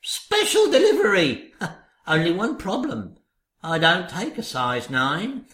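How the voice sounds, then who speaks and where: A man's voice: high-pitched, huge pitch swings, takes it slowly, fairly bright tone, exaggerated voice. An actor playing a fawning, scheming male servant in a comic radio play, with an oily, obsequious way of talking. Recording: roomy echo.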